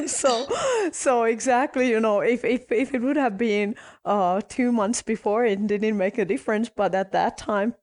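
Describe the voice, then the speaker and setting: A woman from Finland with a Finnish accent, telling a story as a podcast guest, expressive and laughing. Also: mid-range voice, moderate pace, dry recording, studio quality. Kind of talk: conversational interview.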